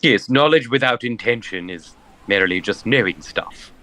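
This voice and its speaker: A man's voice: mid-range voice, expressive, moderate pace, bright, forceful tone. A man playing a tabletop game with a playful, joking manner. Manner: playful, jokey. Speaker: player.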